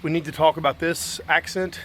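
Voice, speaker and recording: A man's voice: a little high, fairly even intonation, brisk, a bit bright. Man listing house repairs, matter-of-fact. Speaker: property manager doing a walkthrough. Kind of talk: casual spoken inspection notes. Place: outdoors around a house and yard, then indoors. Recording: faint background noise.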